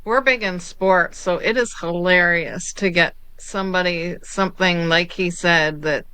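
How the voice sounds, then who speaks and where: A woman co-hosting a podcast, speaking softly in short casual remarks. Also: fairly low pitch, measured pace, clear, resonant tone. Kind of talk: casual chat.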